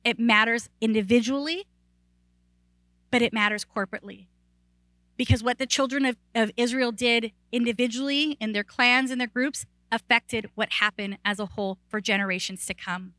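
A woman pastor preaching a sermon in a conversational, animated way, often saying "like" and restarting sentences, and rising in pitch and volume when excited. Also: moderate pace, no echo, rough recording.

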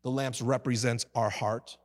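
A man's voice: mid-range voice, fairly even intonation, unhurried, big-room sound. A man preaching a sermon as a pastor, calling on the congregation to answer back. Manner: call-and-response preaching to a congregation. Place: church.

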